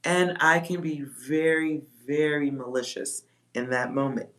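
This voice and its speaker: Low-voiced blunt woman. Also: unhurried, a bit bright. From Texas. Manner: blunt, profane, laughs often. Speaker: psychic reader on a livestream. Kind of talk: casual livestream chat.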